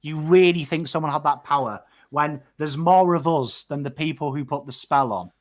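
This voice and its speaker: A man with an English accent hosting a casual podcast chat, animated and swearing freely, often checking in with "right?". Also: a little high, moderate pace. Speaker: podcast host.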